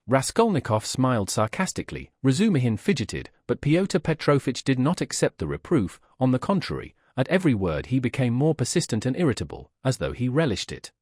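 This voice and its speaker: A man narrating a classic novel as an audiobook, expressive and reading every character himself. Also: mid-range voice, fairly quick, few pauses, slightly rough, no room sound, studio quality. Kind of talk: scripted narration.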